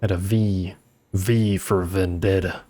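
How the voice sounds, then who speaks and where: A man's voice: deep voice, fairly even intonation, slow, warm tone. A man streaming a game, giving casual, joking commentary and chatting with viewers. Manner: joking, chatty, talks to chat. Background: faint game music.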